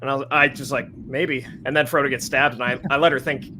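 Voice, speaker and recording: A man's voice: mid-range voice, level tone, very fast, sharp tone. Thoughtful man telling stories, faint hiss. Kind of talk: casual watch-party commentary.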